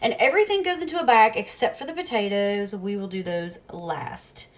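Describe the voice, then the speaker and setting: A woman's voice: mid-range voice, moderate pace, background noise. A woman chatting casually to the camera while she preps meals in her home kitchen, talking to herself as she works and laughing at her own mishaps. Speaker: cooking vlogger. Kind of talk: casual cooking demo chat.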